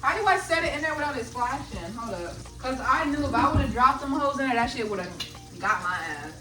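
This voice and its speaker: A woman's voice: high voice, animated, a little fast, recorded from a distance, poor audio. A young woman cooking in her home kitchen and talking through each step in a chatty, profane, joking way. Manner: chatty, profane, jokey self-narration. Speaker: vlogger. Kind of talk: casual cooking vlog. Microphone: phone on a charger, away from the stove.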